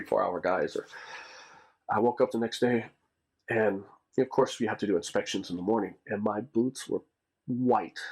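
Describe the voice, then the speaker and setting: Man, middle-aged, casual storytelling, low pitch, raspy. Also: darkish tone. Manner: rambling, repeats words, acts out quotes. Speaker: military storyteller, channel host. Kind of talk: casual spoken anecdote.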